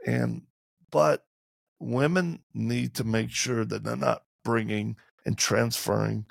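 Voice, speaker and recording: Gravelly, husky man telling stories. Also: mid-range voice, slow pace, dry recording, clean studio sound. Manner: lively, acts out quotes in shifting voices; candid and humorous. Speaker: interview guest. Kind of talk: animated storytelling in conversation.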